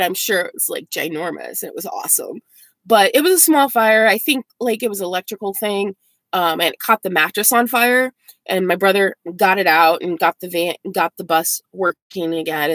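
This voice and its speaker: A woman's voice: on the low side, fairly bright tone, no echo. A woman in her forties, from the United States, chatting casually and rambling with viewers in a van-life vlog. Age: 40s. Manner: chatty and rambling, many likes and ums. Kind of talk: casual live chat with viewers.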